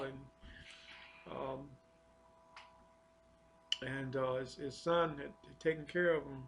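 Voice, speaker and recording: A man telling a personal spiritual testimony in an earnest, confessional way, halting and often repeating his words. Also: mid-range voice, little pitch movement, vocal fry, fairly bright tone, a little hiss or hum. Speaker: storyteller sharing a personal testimony.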